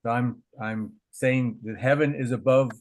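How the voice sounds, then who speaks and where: A man in a class, answering in a halting, hesitant way. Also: medium pitch, fairly even intonation. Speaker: class participant.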